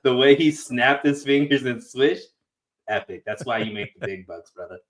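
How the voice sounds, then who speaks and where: A man's voice: mid-range voice, animated, normal speed. A man co-hosting a sports podcast over a video call, talking loosely and rambling with plenty of fillers. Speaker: podcast co-host. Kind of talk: casual sports chat.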